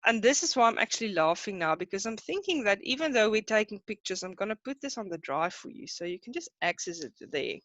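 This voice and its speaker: A woman with a South African accent teaching an online class, chatty and brisk, hurrying her students along. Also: medium pitch, very animated, fairly bright tone, dry recording. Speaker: Afrikaans teacher.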